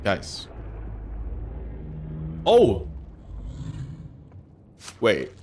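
Excitable young man with lively pitch. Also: drawn-out words, slight background noise. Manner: excitable, swears, jokey. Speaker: gaming streamer. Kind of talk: let's play commentary. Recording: music playing behind.

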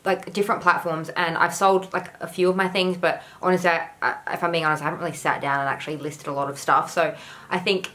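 A woman's voice: fairly low pitch, steady tone, quick pace, a bit bright, poor audio. A young woman talking candidly to camera in a home vlog, earnest and rambling with lots of "like" fillers. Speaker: YouTuber.

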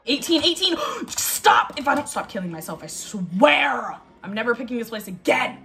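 High, lively, bright-voiced woman gamer. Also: moderate pace, hardly any pauses, soft background music. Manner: excitable, talks to herself, repeats phrases, yelps and laughs. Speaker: gaming video host. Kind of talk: live gameplay commentary.

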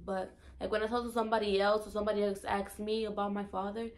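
A woman's voice: mid-range voice, steady tone, brisk, rough recording. A young woman from St. Thomas with a US Virgin Islands accent, chatting casually and playfully in a vlog. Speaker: vlogger. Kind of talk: casual chat.

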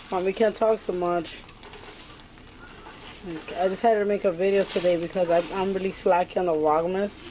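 A woman's voice: medium pitch, darkish tone, a little hiss or hum. A woman vlogging casually at home with a swollen, painful ear and sore throat. She talks with her mouth barely open, a bit muffled. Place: home kitchen.

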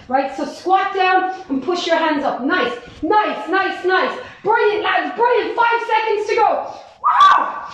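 An Irish woman leading a live-streamed workout class from home. She cheers people on and counts down. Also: very high-pitched. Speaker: fitness instructor. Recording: echoey room.

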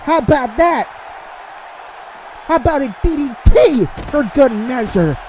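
A man voicing a brash male heel wrestler in a game, throwing shouted taunts and insults. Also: extremely high pitch, expressive, a little slow, a faint crowd, a little hiss or hum, low-quality recording. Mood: taunting. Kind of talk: role-play voicing a game character.

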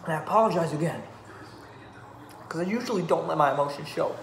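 A man's voice: fairly high pitch, lively intonation, fast, creaky, roomy sound, background noise. A man sending a joking, melodramatic video message to a friend, pleading for him to come home. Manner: melodramatic, joking, trails into laughter. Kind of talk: mock-dramatic video message.

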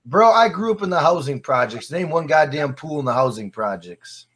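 A man's voice: fairly high pitch, animated, moderate pace, a bit bright, slight background noise. A man guest on a podcast, chatting casually and swearing often, laughing through his stories. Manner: profane, laughing storyteller. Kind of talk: casual chat.

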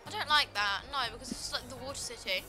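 A woman's voice: a little high, quick pace, music in the background, low-quality recording. A woman giving casual commentary over her gameplay in a bubbly, chatty way, saying like a lot. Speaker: gaming video host.

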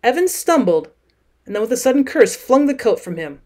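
A woman teacher narrating a classic short story as an audiobook in a steady, clear reading voice. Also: on the high side, fairly quick.

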